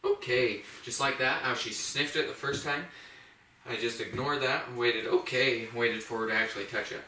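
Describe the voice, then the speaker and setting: A dog trainer gives a practical, step-by-step instructional demonstration at home, explaining things plainly and switching to a high praise voice for the puppy. His voice is pushed and bright, fairly even in intonation and moderate in pace, recorded off-mic from afar with roomy echo and slight background noise.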